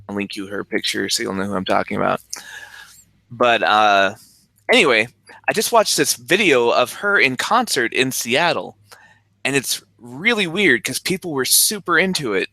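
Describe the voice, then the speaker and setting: A man co-hosting a podcast in casual chat, presenting news items in a relaxed, chatty way with fillers. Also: mid-range voice, normal speed, gravelly, no echo. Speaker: podcast co-host.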